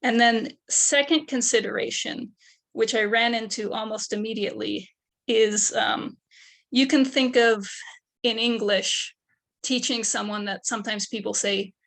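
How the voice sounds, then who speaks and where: A young woman giving an academic research presentation, her voice gravelly with vocal fry. She works through her method methodically, one step after another. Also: fairly high pitch, fairly even intonation, a little slow, fairly bright tone. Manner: methodical, explaining steps one by one. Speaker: undergraduate researcher.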